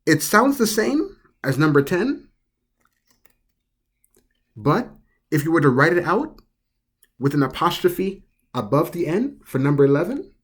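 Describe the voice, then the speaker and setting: A host teaching pronunciation at an unhurried pace, saying each word over and over before explaining it. The voice is soft and a little breathy, and the pitch rises and falls a lot from word to word. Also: big pitch swings. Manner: repeats each word several times, carefully; explains step by step in plain words. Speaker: language teacher. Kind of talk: slow pronunciation lesson.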